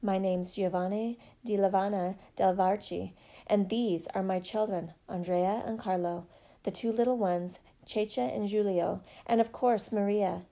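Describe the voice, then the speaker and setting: A woman's voice: medium pitch, steady tone, a little slow, dark tone, close to an everyday voice. Woman reading a courteous, grateful father. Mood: earnest. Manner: earnest and polite. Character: kind, courteous grown man, a grateful father.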